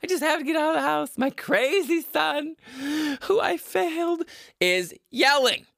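A man's voice: very high-pitched, animated, unhurried, vocal fry, a bit bright, no echo, studio quality, voice pushed up, heavily acted. A man voicing a fretful, exasperated older mother in a whiny, complaining tone.

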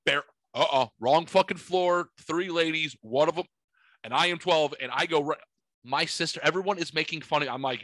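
A man hosting a podcast, telling stories in casual chat, animated and swearing, acting out the voices in his stories. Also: fairly high pitch, a little fast, no echo. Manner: animated, swearing, acts out quotes. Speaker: podcast host. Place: podcast studio.

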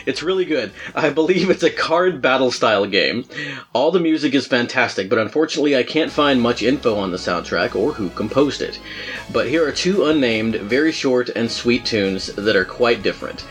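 Man, podcast host, casual rambling chat, lots of fillers, laughs often, average pitch, soft music under. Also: lively intonation, moderate pace.

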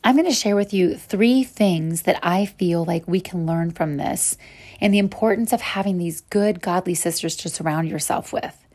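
A woman's voice: fairly low pitch, moderate pace, darkish tone. A woman hosting a podcast and teaching a Bible devotional, speaking in an earnest, encouraging way to her listeners as sisters.

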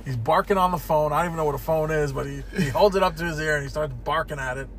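A laid-back man with a fairly high voice jokes around in casual chat. He is recorded in a car with faint background noise. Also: fast talker. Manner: laid-back, joking, acts out the dog's thoughts. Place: inside a parked car.

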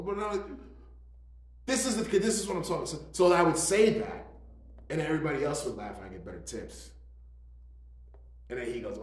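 A man's voice: a little high, big pitch swings, fairly quick, pauses often, a little hiss or hum. A man co-hosting a casual chat, telling profane stories and acting out rants. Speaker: podcast co-host. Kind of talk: casual bar-story chat. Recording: roomy, with faint ambience.

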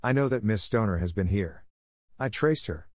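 A man's voice: lowish voice, lively intonation, moderate pace, darkish tone, no room sound, studio quality. A man reading an audiobook voices a huge, fierce old doctor who blusters and threatens. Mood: threatening.

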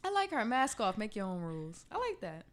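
A woman's voice: medium pitch, big pitch swings, brisk. A young woman in casual podcast chat, joking playfully and throwing in teasing comments and questions.

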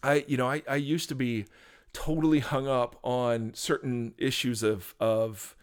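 A man who is a pastor and podcast co-host explains faith on a talk show in an earnest, preachy way, restarting frequently in casual conversational teaching. His voice is medium-pitched and smooth, fairly even in intonation, and a little slow.

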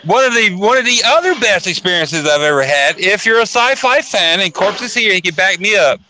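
A man hosting a casual group chat who talks loudly, boisterously and with plenty of swearing. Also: high-pitched, expressive, brisk, slight background noise. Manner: loud and boisterous, swears freely. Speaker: host.

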